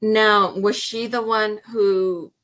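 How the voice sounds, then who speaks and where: A woman's voice: mid-range voice, fairly even intonation, takes it slowly, a bit bright. A woman hosting an interview over a video call, asking short questions and affirming answers. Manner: friendly, affirming, brief prompts. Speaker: host.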